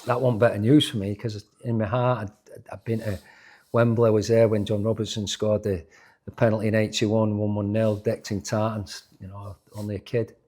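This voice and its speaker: Guy in his 60s, ex-footballer, low-ish voice, animated anecdotes, keeps restarting sentences. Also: moderate pace. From Yorkshire, England. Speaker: former footballer, interview guest. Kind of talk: casual interview storytelling.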